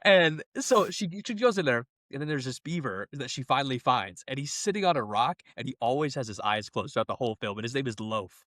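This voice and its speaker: A young man co-hosting a podcast, retelling a film in lively casual chat and laughing often. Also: medium pitch, brisk, hardly any pauses, no echo, clean studio sound. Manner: animated, laughing storyteller. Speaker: podcast co-host.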